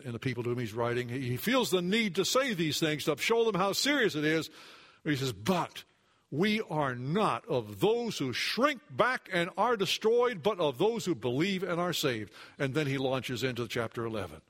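A male pastor preaching with a notably high voice. He talks earnestly and conversationally, sinking to a hush for emphasis and climbing higher when he voices a worried believer. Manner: earnest, voice drops low for emphasis, rises when acting out doubts; occasional restarts, conversational asides. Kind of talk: sermon.

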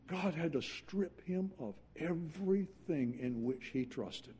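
A man preaching a sermon earnestly, dropping to quiet intensity and then rising into urgent passages. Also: fairly high pitch, animated, slow pace, few pauses, husky.

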